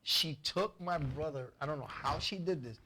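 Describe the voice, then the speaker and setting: A man hosting a talk show, telling family stories in a casual, profane, animated way. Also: on the high side, normal speed, a little hiss or hum. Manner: animated, profane, acts out family members' voices. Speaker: show host. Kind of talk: casual comedic storytelling.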